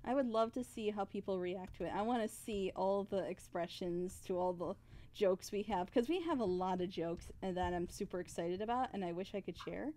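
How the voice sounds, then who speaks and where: A woman's voice: mid-range voice, moderate pace, mellow. A woman voice actress co-hosting a casual stream, effusive and giggly, laughing often as she chats.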